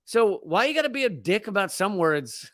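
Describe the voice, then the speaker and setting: This comedian hosting a live show is an American man with a high, very animated voice, a moderate pace and a slightly bright sound, recorded with no echo. His casual rant riffs sarcastically on the news, and he mocks pronunciations, stumbles into frequent restarts and laughs.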